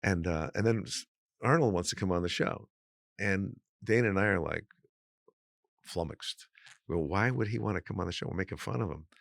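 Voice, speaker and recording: Man, very deep voice, gravelly, dry sound, animated storyteller. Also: moderate pace, no room sound. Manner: animated storytelling, many "you know"s. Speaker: guest comedian. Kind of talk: casual podcast chat.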